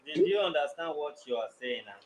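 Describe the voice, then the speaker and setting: A man working as a mediator, speaking firmly and telling a rushed complainant to calm down and speak clearly. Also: a little high, a crowd in the background, low-quality recording. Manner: firm, scolding, tells him to calm down. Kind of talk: firm mediation talk.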